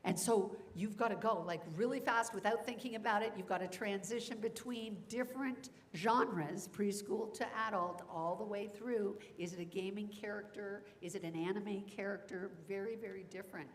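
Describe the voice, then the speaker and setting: A woman who teaches voice acting, speaking on a convention panel in an energetic, demonstrative way and laughing often. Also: medium pitch, normal speed, hardly any pauses, slight background noise.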